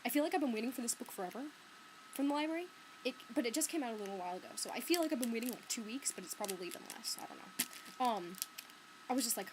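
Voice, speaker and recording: A woman's voice: a little high, expressive, fast. Give me a rambling young woman on a laptop webcam, light hiss in the background. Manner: chatty, filler-heavy, lots of "like" and "um". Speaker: book vlogger. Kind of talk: casual vlog chat. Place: bedroom. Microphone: laptop webcam mic.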